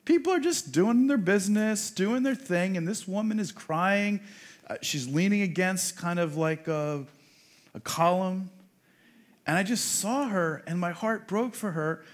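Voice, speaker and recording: High-voiced man preaching a sermon. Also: animated, a little slow. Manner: rises to loud emphatic peaks, then drops to soft storytelling. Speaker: rabbi preaching. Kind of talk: sermon with personal story.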